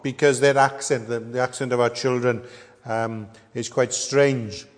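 A middle-aged man preaching a sermon, earnest and measured, pausing often with ums. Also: medium pitch, steady tone. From Wales. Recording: echoey hall with long reverb.

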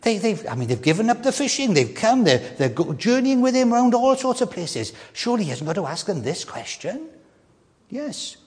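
Animated older man preaching in a reverberant hall. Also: high voice. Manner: animated, repeats words, stresses key questions slowly. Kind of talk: sermon.

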